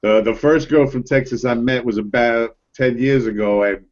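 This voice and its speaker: A man's voice: medium pitch, steady tone, normal speed. A man from New York chatting casually on a group call, loose and repetitive, tossing "bro" into most sentences. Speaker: collector on a group video chat. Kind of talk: casual chat. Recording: dull lo-fi web call audio.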